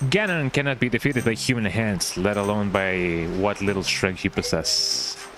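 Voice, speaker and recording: A man's voice: lowish voice, moderate pace, over music, lightly acted, low-quality recording. A man voicing a wise old talking boat who guides the hero, in a grave, stately way. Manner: grave, stately storybook delivery.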